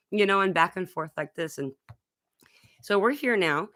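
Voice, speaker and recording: A woman with a low-pitched voice hosts a live online Q&A on spiritual matters. She reads viewer comments aloud and talks in a loose, rambling way, with many fillers and restarts. The sound is dry and close, with no room echo. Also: animated, moderate pace, pauses often, pushed and bright. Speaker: spiritual channeler hosting a live Q&A. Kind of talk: casual live-stream Q&A, reading viewer comments.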